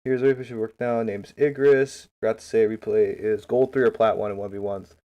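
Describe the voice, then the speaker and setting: A man's voice: on the low side, fairly even intonation, brisk, dark tone, dull audio. A man coaching game replays on a livestream, talking loosely and upbeat straight to his chat. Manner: upbeat, keeps saying beautiful.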